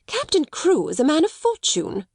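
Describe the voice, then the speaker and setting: A woman reading a storybook voices a stiff, proud middle-aged schoolmistress who talks indignantly in a raised, shrill voice. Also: wildly swooping pitch, normal speed, darkish tone, slight background noise, heavily acted. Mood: stiff, haughty. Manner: indignant, haughty, rising to shrill alarm.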